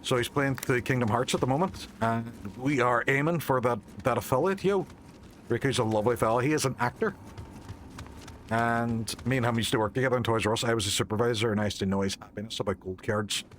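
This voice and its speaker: This young Northern Irish man streams a game in a fast, mid-range, slightly bright voice, chatting casually, thanking viewers and now and then swearing. There's faint music underneath and a little hiss or hum.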